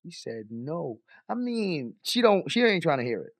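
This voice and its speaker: A man giving slangy, animated reaction commentary on a meeting clip, with chuckling asides. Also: a little high, normal speed, dry recording, clean studio sound.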